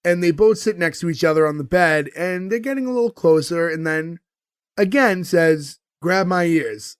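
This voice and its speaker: A man with a slightly higher voice recaps a sitcom scene for a podcast, hesitating often and acting out the characters' lines. The recording is dry and close, with no room sound. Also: normal speed, smooth, no room sound. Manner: retells scenes with quoted lines, many fillers. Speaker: podcast co-host recapping an episode. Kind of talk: casual chat.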